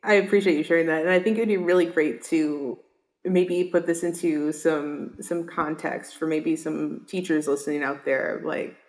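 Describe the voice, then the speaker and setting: A woman's voice: low-pitched, fairly even intonation, normal speed, a little mellow. A woman hosting a podcast interview, asking questions in a tentative way with many "like"s and "uh"s. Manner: tentative, lots of "like" and "uh". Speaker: podcast host.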